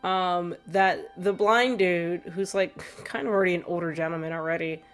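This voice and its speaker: A woman's voice: fairly low pitch, steady tone, moderate pace. Chatty woman streamer with faint music. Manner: chatty, laughs often, reads chat aloud. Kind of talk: casual gameplay commentary. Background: faint background music.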